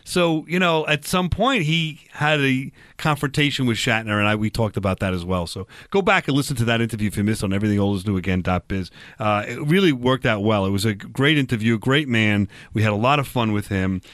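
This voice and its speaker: A man's voice: mid-range voice, a little fast, few pauses, a bit bright, no echo, clean studio sound. A man hosting a radio talk show, chatting casually and rambling with fillers and restarts.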